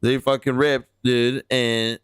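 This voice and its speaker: A man's voice: medium pitch, level tone, takes it slowly, smooth. A man in his thirties reacting to videos in loose, profane, rambling casual commentary with many fillers.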